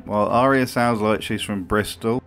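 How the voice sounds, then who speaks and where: Dry, sardonic man, low voice. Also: fairly even intonation, normal speed, fairly bright tone, soft background music. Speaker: video essay host. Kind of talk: comedic commentary.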